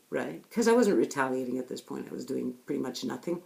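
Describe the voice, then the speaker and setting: Gravelly, frank woman telling her story. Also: extremely low pitch, expressive, fast, dark tone, slight background noise. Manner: frank, blunt, rhetorical asides. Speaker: speaker sharing personal experience. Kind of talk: candid personal talk.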